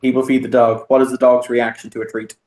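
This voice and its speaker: Wry male player, flat monotone delivery, echoey room. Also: medium pitch. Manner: deliberate, dry and wry. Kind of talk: tabletop role-play.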